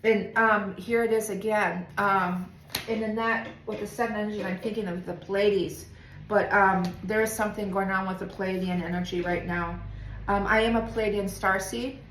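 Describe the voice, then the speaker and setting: A woman's voice: medium pitch, fairly even intonation, moderate pace, slight background noise. Woman giving a rambling tarot reading. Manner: soft-spoken, meandering, many fillers. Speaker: tarot reader. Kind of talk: spiritual tarot reading monologue. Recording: roomy echo with faint ambience.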